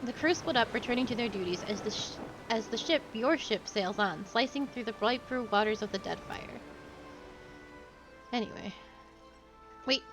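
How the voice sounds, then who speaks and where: A woman's voice: fairly high pitch, moderate pace, long pauses, over music. A young woman streaming a role-playing game, reading its text aloud in a casual way with giggly asides. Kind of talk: casual gameplay narration.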